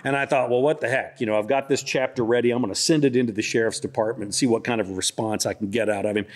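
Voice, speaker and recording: A middle-aged man spinning a long, folksy anecdote for a live audience. He rambles easily, fills his sentences with "you know" and "like", and talks at an ordinary pitch. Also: fairly even intonation, fast talker. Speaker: author speaking at a book festival. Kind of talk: humorous storytelling talk. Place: church hall.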